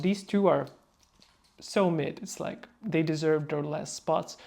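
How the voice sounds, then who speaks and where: A man speaking non-native English in a casual review vlog, emphatic and playfully mocking, slipping into quick mock voices. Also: a little high, creaky, a little mellow. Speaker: fragrance reviewer.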